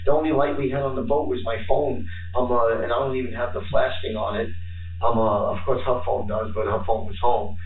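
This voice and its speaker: A man giving a rambling, halting account while being questioned by police, repeating himself often. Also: mid-range voice, little pitch movement. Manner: halting, repetitive, fills with "and stuff". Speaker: interviewee under police questioning. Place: police interview room. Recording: echoey, distant, phone-like archive footage.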